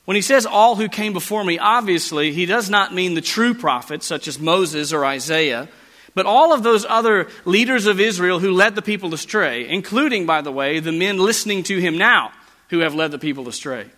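A man preaching a sermon as pastor, with emphatic delivery that slows down on key phrases. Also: high-pitched, pushed and bright. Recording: long hall reverb.

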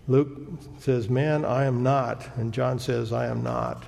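A man preaching a sermon as pastor, with a halting, reflective delivery. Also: mid-range voice, level tone, creaky, a little mellow. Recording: long church-hall reverb.

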